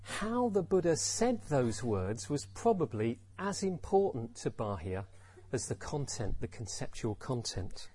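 A man's voice: mid-range voice, very animated, unhurried, hardly any pauses, dark tone, breathy edge. A man giving a reflective dharma talk as teacher, repeating phrases and asking rhetorical questions.

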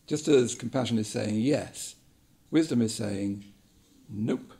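A man giving a reflective talk, musing aloud, repeating words and pausing with ums. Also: on the low side, gravelly, warm tone.

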